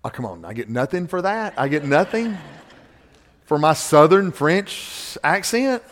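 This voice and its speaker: Animated preaching man in a reverberant church. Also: on the high side, a little slow, a little hiss or hum. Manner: animated, emphatic preaching with repeated phrases. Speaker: pastor. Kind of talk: sermon. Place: church auditorium stage. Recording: long hall reverb from a church stage.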